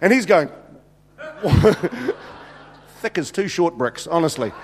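NZ man preaching, jokey storyteller, slightly high voice, echoing hall. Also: expressive, slow. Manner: chatty, jokey, many restarts and "you know"s. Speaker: pastor. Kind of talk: humorous sermon storytelling. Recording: reverberant hall.

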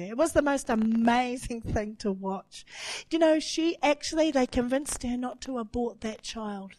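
A woman's voice: medium pitch, darkish tone, no room sound, poor audio. Earnest woman preaching, dry close sound. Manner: earnest, emphatic repetition, voice rising with emotion. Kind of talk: sermon.

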